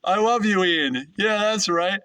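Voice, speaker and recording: A man's voice: high-pitched, measured pace, pushed and bright, clear, resonant tone, recorded from a distance. A man, a YouTube host, throwing crude roast insults in a casual rant and laughing at his own jokes.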